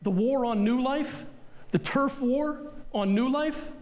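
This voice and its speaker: A middle-aged man preaching a sermon as pastor in a church, blunt and forceful with repeated punchlines. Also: extremely high pitch, slow. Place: church sanctuary.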